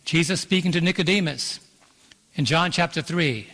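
A man's voice: fairly high pitch, pushed and bright. Preaching man in a reverberant auditorium. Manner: emphatic preaching, slows for scripture, calls for "Amen". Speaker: pastor. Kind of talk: sermon. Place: church auditorium. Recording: long hall reverb in an auditorium.

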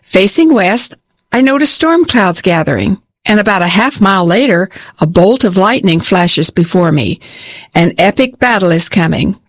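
A woman reading a scripted devotional in a calm, steady way. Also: medium pitch, dry recording. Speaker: devotional reader.

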